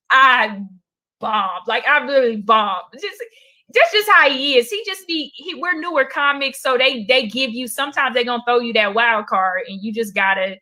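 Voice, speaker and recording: A woman comedian with a high, bright voice tells a story in a loose, conversational way. She repeats words and fills gaps with ums as she goes, and keeps her delivery animated. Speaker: stand-up comedian guest. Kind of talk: casual storytelling in a talk show interview.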